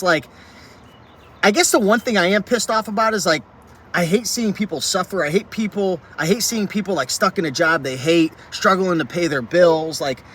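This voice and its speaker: Recorded in a vehicle with faint traffic in the background, a reselling YouTuber delivers a passionate rant to camera about reselling, packed with "like"s. His voice is high-pitched and sharp, and his manner fired-up.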